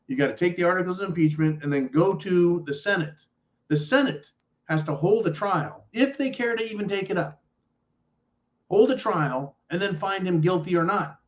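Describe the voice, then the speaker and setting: At a moderate pace and with dull audio, a live stream host reads viewers' messages out loud and rants about politics to the chat. His sarcastic, blunt, profanity-laced delivery shifts from quiet muttering to loud outbursts.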